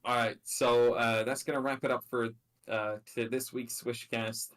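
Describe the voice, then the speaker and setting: A man hosting a casual podcast, talking in a relaxed, hesitant way with many fillers. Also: medium pitch, normal speed. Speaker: podcast host.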